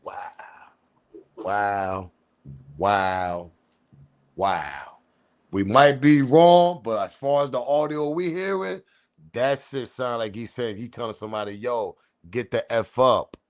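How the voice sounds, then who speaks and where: A man hosting a commentary channel, talking in a casual, slangy, animated way and repeating his points. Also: medium pitch, slow, pauses often. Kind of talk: casual commentary on audio clip.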